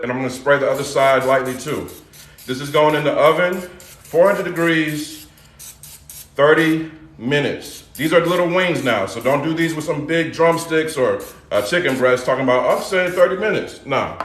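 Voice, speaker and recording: A man's voice: a little high, moderate pace, reverberant. A middle-aged man hosting a casual live cooking demo, loose and chatty, calling out to his viewers. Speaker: cooking show host. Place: home kitchen.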